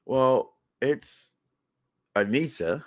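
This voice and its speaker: A man co-hosting a live review stream, joking in animated, loud-and-soft bursts. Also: medium pitch, extremely slow. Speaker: co-host of a reality show review.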